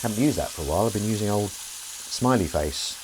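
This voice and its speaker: Standing at his kitchen sink doing the dishes, this man keeps up a chatty, wry, rambling live-stream for his viewers. He speaks in a lowish voice, animated and fairly quick, with background noise behind him.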